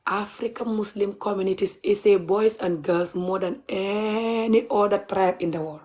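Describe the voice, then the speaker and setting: A young woman speaks at a middling pitch. She rants hotly and mockingly to her livestream audience, laughing bitterly between points. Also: moderate pace, a little mellow. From Gambia. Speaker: vlogger. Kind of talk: livestream rant.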